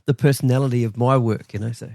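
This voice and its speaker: A man's voice: medium pitch, fairly even intonation, quick pace, gravelly, a little mellow, no echo, studio quality. A man hosting a podcast in casual chat, easygoing and affirming with short replies. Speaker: podcast host.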